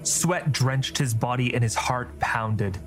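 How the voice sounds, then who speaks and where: Man, scripted fantasy narration, steady storytelling, mid pitch, faint music behind. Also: takes it slowly.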